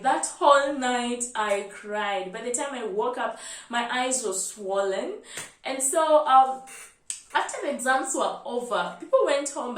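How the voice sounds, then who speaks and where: A young Kenyan woman with a fairly high voice tells a story from her life in a lively, animated way. She sits a bit back from the mic, and her voice rings in a roomy, echoey space. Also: distant mic. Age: 20s. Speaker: medical student vlogger. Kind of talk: storytelling vlog.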